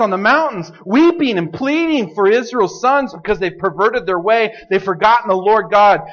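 Animated high-voiced male preacher. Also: moderate pace, hardly any pauses, lo-fi sound. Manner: animated, swings from loud to hushed. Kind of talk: sermon.

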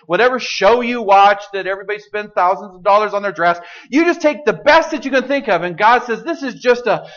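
A man preaching a sermon, swinging from loud outbursts to hushed asides. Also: high-pitched, dull audio.

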